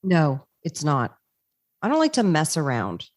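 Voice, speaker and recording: A woman with a slightly low voice tells stories as a podcast guest, lively and quick to laugh. The sound is dry and close, with no room around her. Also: no room sound. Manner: animated storyteller, laughs often. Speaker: podcast guest, actress and voice actor. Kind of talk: casual interview chat.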